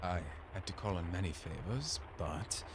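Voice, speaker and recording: A man's voice: sits low, lively intonation, background noise, pitched below the performer's own voice. A man reading as a refined older mentor. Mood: formal. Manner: slow, formal letter-reading. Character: refined older male mentor writing a letter.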